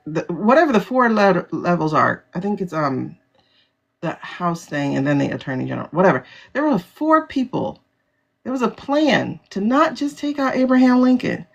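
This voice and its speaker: A woman's voice: mid-range voice, gravelly. A woman hosting a casual livestream, talking bluntly and animatedly, laughing often and swearing freely. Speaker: livestream host. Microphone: phone livestream.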